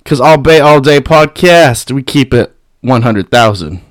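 A man's voice: animated, unhurried, dry recording. Brash, foul-mouthed man, dry close mic. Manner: brash and mocking, swears constantly, laughs at his critics; mimics critics in a high mocking voice. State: high on weed. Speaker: podcast host. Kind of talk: profane solo podcast rant.

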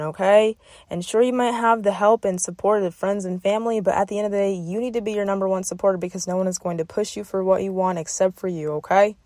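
A young podcast host with a medium-pitched voice grows emotional while giving motivational encouragement, checking in often with "okay?" The recording is dry and of studio quality.

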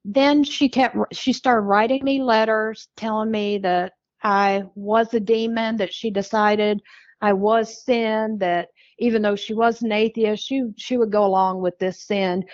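A woman's voice: medium pitch, no echo, muffled recording. A middle-aged American woman, a podcast guest, tells her life story candidly and wryly, acting out what people said. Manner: candid, wry storytelling with quoted dialogue.

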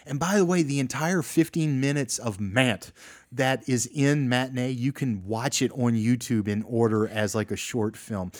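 A man's voice: mid-range voice, moderate pace, dry recording, clean studio sound. A man co-hosting a casual movie podcast, chatty and enthusiastic, laughing often. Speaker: podcast co-host.

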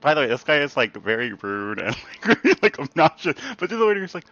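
A man's voice: fairly high pitch, sing-song, fast, pushed and bright, no room sound. Comedian guy rambling and laughing at himself, lots of "like", kinda muffled audio. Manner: rambling, self-mocking, laughs often, many "like" fillers. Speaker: guest comedian. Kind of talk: casual podcast chat.

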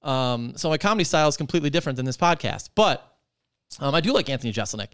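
A man's voice: mid-range voice, racing, clean tone, dry recording, studio quality. A man hosting a podcast, ranting in casual chat with lots of swearing and filler words. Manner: profane, rambling, animated ranting with many fillers. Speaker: podcast host.

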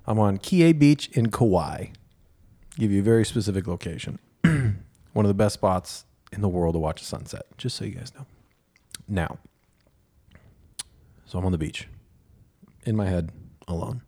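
A man's voice: fairly low pitch, expressive, normal speed, pauses often, warm tone. A man co-hosting a podcast, casually telling a candid, self-deprecating story and acting out the lines of others. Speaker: podcast co-host.

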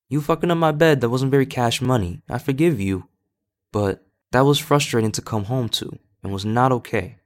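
Deep-voiced young man telling a personal story. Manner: candid, rambling, heavy swearing. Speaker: podcast host.

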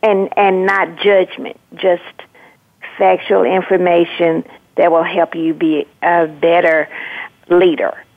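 A woman guest on a radio interview, a leadership coach who explains earnestly with pauses and fillers. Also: on the low side, flat delivery. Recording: tinny phone line.

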